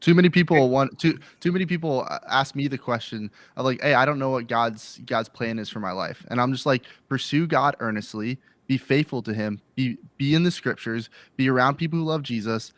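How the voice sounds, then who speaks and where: A man's voice: mid-range voice, fairly quick, few pauses, a bit bright, no echo. A man on a pastors' livestream panel, talking earnestly in a casual chat with lots of filler likes.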